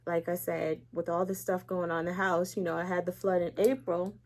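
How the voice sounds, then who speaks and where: A woman with a lowish voice and flat delivery talks fairly quickly while giving a candid faith testimony as an interview guest. She gets emotional, voices the words of others, and laughs lightly amid the serious parts.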